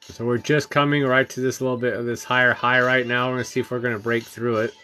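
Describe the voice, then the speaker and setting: Tired male streamer, mid-range voice, loose filler-heavy chart talk, light music bed. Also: mid-range voice. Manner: relaxed, halting, many ums and uhs, greets chat viewers. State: tired, yawning. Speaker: trading livestream host. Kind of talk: casual live-stream chart commentary.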